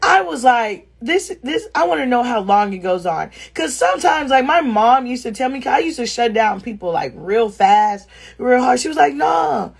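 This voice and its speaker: A fairly high-pitched, creaky, slightly rough voice carries this vlogger's story at normal speed. She's on a phone live stream at home, talking bluntly and animatedly to viewers and swearing freely.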